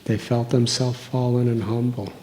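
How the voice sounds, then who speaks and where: A man's voice: medium pitch, little pitch movement, mellow, slight background noise. A man, giving a sermon as a monk in an earnest, storytelling way. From United States. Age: 60s. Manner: slow, earnest storytelling with long pauses. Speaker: monk giving a religious discourse.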